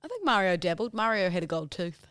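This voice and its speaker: A woman's voice: lowish voice, fast, smooth, no echo. Teasing New Zealand woman, dry sound. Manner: animated storyteller, teasing. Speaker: podcast co-host. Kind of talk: casual banter and anecdotes.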